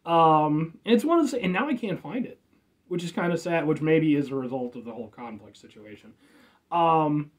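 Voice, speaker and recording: Man, American, casual review vlog, rambling and jokey, lively swooping pitch, offhand swearing. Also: normal speed. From United States. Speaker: food and drink reviewer.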